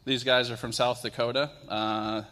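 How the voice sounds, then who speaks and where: A man in his thirties preaching in a church, soft-spoken and openly emotional. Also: mid-range voice, flat delivery, normal speed. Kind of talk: sermon with worship prayer. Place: church sanctuary. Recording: long hall reverb in church.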